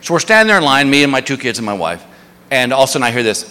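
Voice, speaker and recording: A middle-aged man doing stand-up, telling a story in an animated, drawling way. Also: mid-range voice, racing. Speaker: stand-up comedian. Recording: stage mic in a reverberant hall.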